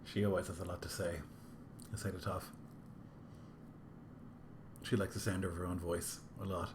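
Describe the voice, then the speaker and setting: Low-voiced man describing his character. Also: flat delivery, moderate pace, background noise. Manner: casual, rambling with fillers. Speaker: player. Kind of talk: tabletop role-play narration.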